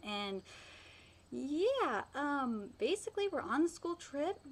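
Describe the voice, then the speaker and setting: A woman's voice: medium pitch, slight background noise. Chatty woman hosting a reaction video. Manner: chatty, filler-heavy. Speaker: host.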